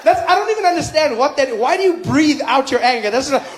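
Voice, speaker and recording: A man doing stand-up comedy, telling stories with lively impressions. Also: very high voice, fast talker, very noisy. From South Africa.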